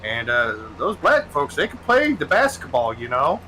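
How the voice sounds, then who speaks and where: Man doing an earnest, meandering elderly politician; bright, bouncy delivery. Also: a little high, wildly swooping pitch, moderate pace, slight background noise, full character voice, poor audio. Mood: deadpan rambling. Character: rambling elderly male politician.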